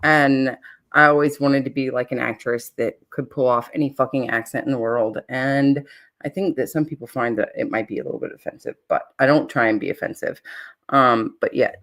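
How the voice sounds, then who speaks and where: A woman's voice: very deep voice, fairly quick, fairly bright tone. A woman from California, co-hosting a live stream, telling a rambling story in casual chat with laughs and swearing. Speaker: co-host of a live trivia stream. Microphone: streaming call mic.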